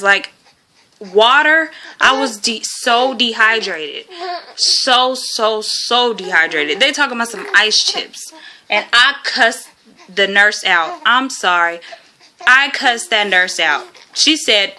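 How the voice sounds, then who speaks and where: Young woman, very bright voice, rambling casual storytelling, lots of ums and laughs. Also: medium pitch, slow, pauses often. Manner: rambling, many fillers, laughs often. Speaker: vlogger.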